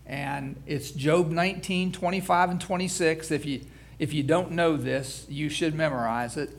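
A man's voice: a little high, normal speed. A man pastor preaching a sermon, reading scripture aloud with rising emphasis and frequent restarts.

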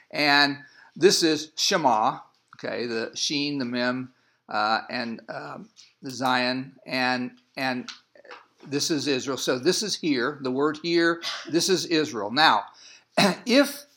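A man's voice: mid-range voice, a bit bright. A man teaching a class on scripture, with many fillers and repeated words as he explains. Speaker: bible teacher.

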